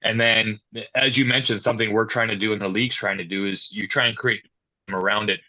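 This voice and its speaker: Interview guest: a man with a low, forceful voice who tells stories in a conversational way. The recording sounds dull. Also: quick pace. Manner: storytelling, quoting others in animated asides. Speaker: hockey youth and amateur coordinator. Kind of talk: podcast interview answers.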